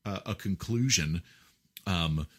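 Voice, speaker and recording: Very deep-voiced man explaining at length. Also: takes it slowly. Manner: lecturing, with many fillers and rhetorical checks. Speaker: guest musician. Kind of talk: explanatory interview talk.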